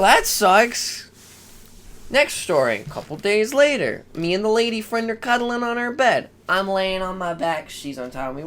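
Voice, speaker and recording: A young man co-hosting a podcast, telling stories in a casual way, cursing and acting out the voices of people in them. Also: on the high side. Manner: animated, swearing, acts out quoted voices. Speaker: podcast co-host. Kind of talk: casual storytelling chat. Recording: faint background noise.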